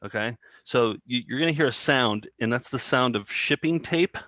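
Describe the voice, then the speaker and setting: A man's voice: medium pitch, normal speed, pushed and bright, dry recording. Rambling man co-hosting a chat show. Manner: rambling, full of fillers and restarts. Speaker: co-host. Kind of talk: casual chat.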